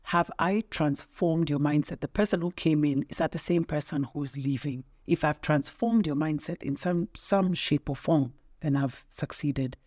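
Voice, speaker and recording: A woman's voice: low voice, normal speed, few pauses, a little mellow. A middle-aged woman talks in a casual podcast interview. She speaks like a trainer, emphatic and teacherly, and makes her points with rhetorical questions. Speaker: guest, public speaking trainer.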